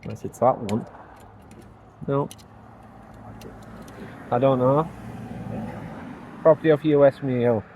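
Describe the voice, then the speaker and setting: A man's voice: mid-range voice, slow pace, long pauses, phone-quality sound, slight background noise. A man vlogging outdoors from a handheld phone, rambling, muttering to himself and poking fun at himself. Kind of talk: casual vlog talk to camera. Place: outdoors by mailboxes, walking around.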